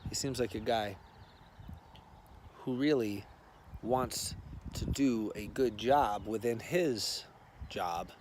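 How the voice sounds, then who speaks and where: A man's voice: fairly low pitch, slow, long pauses, darkish tone, slight background noise. A man vlogging in a casual, rambling monologue on a ride-along, playful and sometimes dropping to near-whispers.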